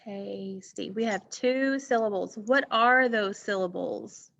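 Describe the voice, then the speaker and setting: A woman's voice: fairly high pitch, measured pace, fairly bright tone, lo-fi sound. A woman teacher giving an online phonics lesson from a school music room, patiently repeating words and asking questions.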